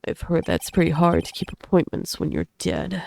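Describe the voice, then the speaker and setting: A woman doing a gravelly, smug male prosecutor. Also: sits low, big pitch swings, normal speed, a little mellow, slight background noise, pitched below the performer's own voice, heavily acted. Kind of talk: voicing game text in a playthrough.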